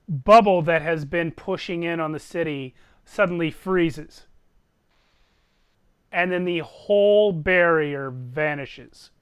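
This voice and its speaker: A man's voice: on the high side, clean tone. A man who is the game master, narrating a tabletop game with vivid, descriptive storytelling over an online voice call.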